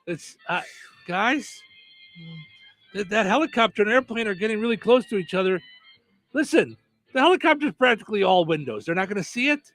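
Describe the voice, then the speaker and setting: High, lively wisecracking male radio host. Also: fairly quick, long pauses, dry recording, soft background music. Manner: wisecracking, jokey punchlines after headlines. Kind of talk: comedic news-headline banter.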